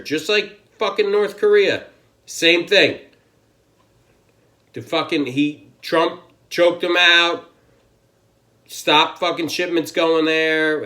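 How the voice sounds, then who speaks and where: A man's voice: fairly high pitch, a bit bright. An American man ranting to camera on his channel, angry, emphatic and swearing constantly. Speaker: channel host. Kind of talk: political rant to camera.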